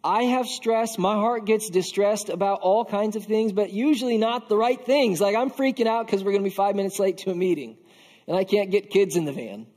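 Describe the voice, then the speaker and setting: A man's voice: high voice, a little fast, darkish tone, in a large hall. A man preaching a conversational sermon, casual and earnest, often filling with "like". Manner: casual and earnest, with frequent filler "like". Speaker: pastor.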